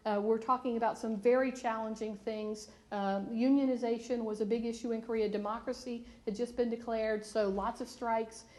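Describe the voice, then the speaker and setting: A woman's voice: a little high, fairly even intonation, normal speed, few pauses, a little mellow. A woman on a panel telling a self-mocking story about her work travels, laughing as she goes. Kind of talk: anecdote on a panel. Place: conference hall.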